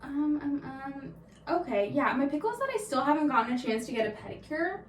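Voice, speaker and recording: A woman's voice: high-pitched, animated, a little fast, recorded from a distance. A woman in her twenties co-hosting a podcast, chatting casually with many fillers and frequent laughs. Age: 20s. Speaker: podcast co-host. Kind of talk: casual chat. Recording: roomy echo, from off-mic, faint noise.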